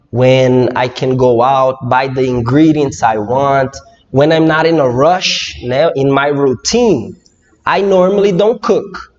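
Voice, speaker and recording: Young Brazilian man teaching English live, unhurried delivery, reverberant room. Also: on the high side. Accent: Brazilian Portuguese. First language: Portuguese. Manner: slow, lively, reads viewer comments and asks questions. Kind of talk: live online English lesson. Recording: dull lo-fi audio with long reverb.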